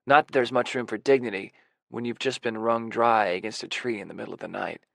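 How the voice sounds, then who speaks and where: A man narrating a romance audiobook in the first person, soft and introspective, with a self-deprecating manner. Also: lowish voice, fairly even intonation, a little fast, vocal fry, no room sound.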